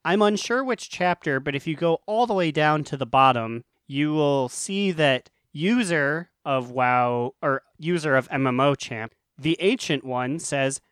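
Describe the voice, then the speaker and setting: A man co-hosting a casual gaming podcast, making jokey deadpan asides. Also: a little high, unhurried, few pauses, clean tone, dry recording, clean studio sound. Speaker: podcast co-host.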